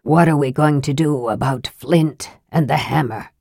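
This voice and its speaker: A woman's voice: deep voice, a little slow, gravelly, darkish tone, slightly rough, no room sound, clean studio sound, full character voice. A woman voicing a frail, cold young male mage from a storybook, speaking impatiently and curtly. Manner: impatient and curt.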